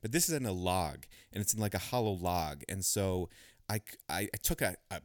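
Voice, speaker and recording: A man hosting a podcast, telling a long story in a rambling, animated way with many restarts. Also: low-pitched, a little fast, dry recording, studio quality. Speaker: podcast host. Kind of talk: casual storytelling chat.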